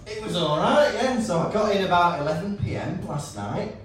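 A man's voice: high-pitched, lively intonation, normal speed, a crowd in the background. A young man co-hosting a podcast before a live audience, telling a story with lots of laughs and restarts. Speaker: podcast co-host. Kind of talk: live comedic podcast chat. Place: performance space with live audience. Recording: echoey venue from a distant mic.

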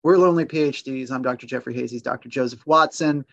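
A man's voice: mid-range voice, fast talker, gravelly, fairly bright tone, dry recording, muffled recording. A man hosting a film podcast, chatting in a playful, joking way. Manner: playful, jokey. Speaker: podcast host. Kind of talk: casual film discussion.

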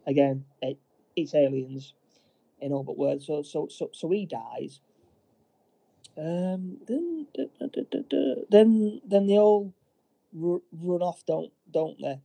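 Dark-voiced rambling man recapping. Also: a little high, creaky, no room sound. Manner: rambling, halting, many restarts. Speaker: podcast co-host. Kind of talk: casual film recap.

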